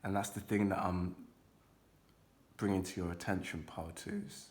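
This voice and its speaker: A young man talks his viewers through an intuitive card reading in a loose, rambling way, sprinkling in casual swearing. His voice sits deep and low. It stays level, with little rise and fall. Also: steady tone, normal speed.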